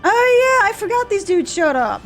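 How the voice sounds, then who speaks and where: A woman's voice: extremely high pitch, big pitch swings, normal speed, fairly bright tone, soft background music. A young woman streamer giving casual, joking commentary while she plays a game, swearing freely.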